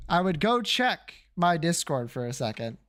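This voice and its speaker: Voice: medium pitch, very animated, moderate pace, fairly bright tone. A streamer chatting casually to viewers while gaming, joking around and swearing freely. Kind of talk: casual game stream chat.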